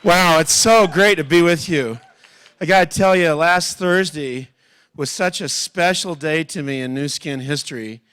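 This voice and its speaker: A man's voice: fairly high pitch, measured pace, fairly bright tone, clear, resonant tone. A man giving a guest talk on a conference stage, chatty and joking with the audience. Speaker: guest speaker. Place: large conference hall on stage.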